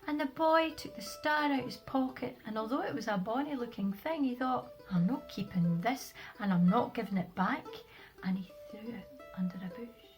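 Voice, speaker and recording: A woman reads a children's tale with a high, very animated voice. She speaks slowly, sinking into soft whispers. Faint guitar plays behind her. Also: poor audio. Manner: lively, dropping to soft whispers. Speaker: storyteller. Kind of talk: children's story narration.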